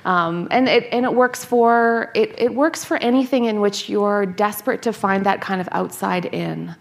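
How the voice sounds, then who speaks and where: Animated woman in her thirties, laughing often. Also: mid-range voice, normal speed, vocal fry. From North America. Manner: animated, laughing storyteller with many restarts. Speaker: guest author and scholar. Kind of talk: conversational interview.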